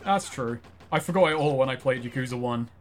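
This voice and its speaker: During a gaming livestream, a man chats and jokes casually, swearing freely and teasing himself. He talks fairly quickly at medium pitch, and there's a little hiss or hum in the audio.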